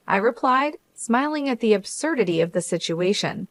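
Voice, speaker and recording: A woman reading a first-person story as the narrator, in an even, measured way. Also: fairly high pitch.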